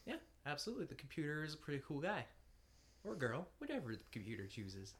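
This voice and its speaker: A man playing in a tabletop role-playing game on a podcast, talking in a rambling, animated way and laughing often. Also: fairly high pitch, fast. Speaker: podcast guest player. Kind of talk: casual tabletop role-play chat.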